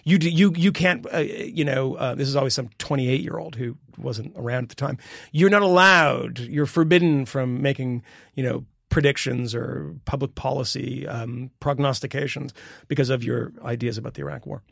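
A middle-aged man in casual political podcast chat, his voice rough with vocal fry. He rambles, then drives points home with sudden jumps in pitch. He is recorded on a close, dry mic in an average register. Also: steady tone, moderate pace, no room sound. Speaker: podcast co-host.

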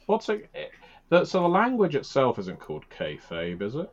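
A man's voice: mid-range voice, huge pitch swings, moderate pace. A man co-hosting a tabletop game podcast, chatting casually with a rambling, wry manner. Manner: rambling, wry, laughs at his own jokes. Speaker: podcast co-host, game master. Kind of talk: casual chat. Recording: dull lo-fi audio.

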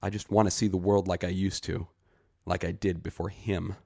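A man's voice: low voice, flat delivery, moderate pace, creaky, warm tone, dry recording, studio quality. A man reading a short story aloud and voicing a frightened, desperate young village man who speaks earnestly.

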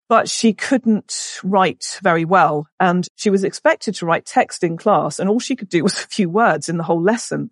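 A woman in her forties, a podcast guest, tells a personal story emotionally, halting and restarting often. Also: lowish voice, no echo, clean studio sound.

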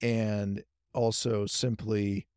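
Low-voiced reflective male interviewer. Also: level tone, a little mellow, clear, resonant tone, no echo, clean studio sound. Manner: reflective, measured, affirming. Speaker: podcast host. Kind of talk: conversational interview.

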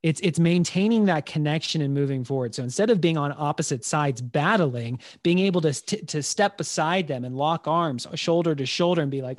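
A man in his thirties, a podcast guest, telling stories in an earnest, animated way. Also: on the high side, a little fast, hardly any pauses, no room sound, studio quality. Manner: earnest, animated, acts out quotes. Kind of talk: conversational storytelling.

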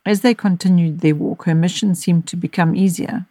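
Woman gently narrating a story. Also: lowish voice, fairly even intonation, no echo. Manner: measured, gentle reading. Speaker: audiobook narrator and podcast host.

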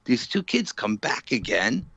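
Forceful man telling a spooky story. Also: medium pitch, big pitch swings, unhurried, dull audio. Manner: vivid storyteller, many fillers, acts out quotes. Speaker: paranormal investigator, guest. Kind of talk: animated storytelling in an interview.

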